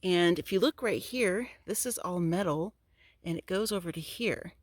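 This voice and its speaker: A woman vlogging outdoors in bright sun on a phone she holds in one hand, gushing with excitement as she talks her viewers through it. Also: lowish voice, moderate pace, dry recording, studio quality. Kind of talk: casual vlog while digging outdoors. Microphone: phone held in one hand.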